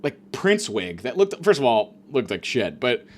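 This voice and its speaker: A man's voice: mid-range voice, sing-song, normal speed. A man hosting a comedic monologue, ranting in a rambling, profane way, full of fillers and restarts. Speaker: comedian host.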